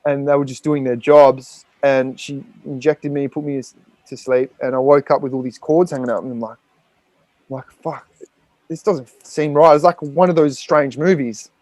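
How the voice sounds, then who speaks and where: A man's voice: medium pitch, fairly even intonation, moderate pace, a little mellow, no echo. An Australian man, a podcast guest, telling a raw personal story with frequent swearing and rambling fillers.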